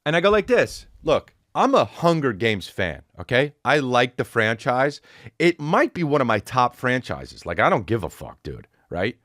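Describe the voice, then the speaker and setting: Animated, rambling male podcast host. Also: mid-range voice, moderate pace, dry recording, studio quality. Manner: rambling, profane, animated, breaks into sung snippets. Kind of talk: casual comedic rant.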